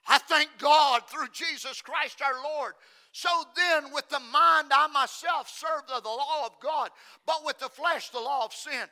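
Man, sermon, very high voice, piercing bright tone, shouts then hushes, repeats for emphasis. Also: measured pace. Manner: swings from shouting to hushed near-whispers. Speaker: preacher.

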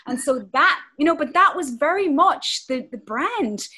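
Animated Irish woman, fairly high voice. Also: measured pace. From Ireland. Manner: animated and passionate. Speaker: interview guest, actress. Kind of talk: conversational interview.

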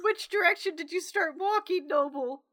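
A woman's voice: very high voice, moderate pace, a bit bright. A young woman co-hosting a casual chat, giggly and chatty with lots of filler words.

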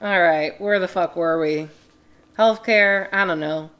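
A woman's voice: lowish voice, unhurried, fairly bright tone. A woman co-hosting a podcast in casual chat, making dry, wry quips and swearing casually. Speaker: podcast co-host.

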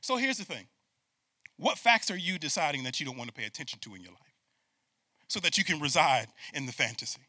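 A man preaching a sermon with call-and-response, swinging from loud bursts to hushed asides. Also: a little high, lively intonation, a little fast, no echo, studio quality. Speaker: pastor.

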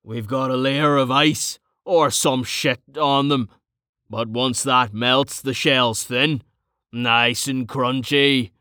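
A man narrating an audiobook voices an easygoing, slightly coarse middle-aged man, speaking slowly and casually. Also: fairly high pitch, fairly even intonation, a bit bright, smooth, no echo, clean studio sound, pitched above the performer's own voice.

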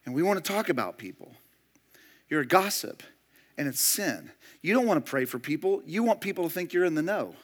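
A man preaching a sermon as pastor, emphatic and moving between loud declarations and hushed storytelling. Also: on the high side, very animated, a little fast.

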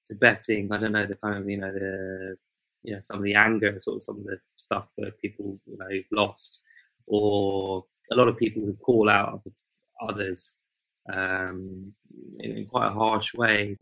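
A man's voice: on the low side, level tone, moderate pace, creaky, bright, forceful tone, no room sound, low-quality recording. A man co-hosting a podcast who talks in a hesitant, thoughtful way, often repeating words as he works out what he means. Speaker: podcast co-host. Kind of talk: casual chat.

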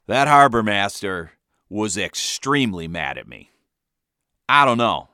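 A man hosting a comedic storytelling monologue with a wry, animated delivery. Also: medium pitch, no room sound, clean studio sound. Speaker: podcast host.

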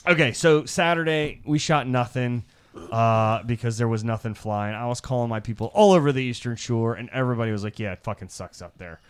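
A man from Iowa co-hosting a podcast, telling a crude, animated hunting story and laughing as he talks. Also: mid-range voice, brisk, clean tone. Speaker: podcast co-host. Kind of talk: crude storytelling among friends.

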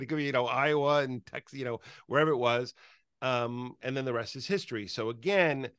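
A man hosting a conversational interview at an ordinary middle pitch. He reacts with short encouraging words and tells stories loosely, full of fillers. The sound is dry and close, with no room echo. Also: brisk, a bit bright, clear, resonant tone. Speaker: interview host. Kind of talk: casual interview chat.

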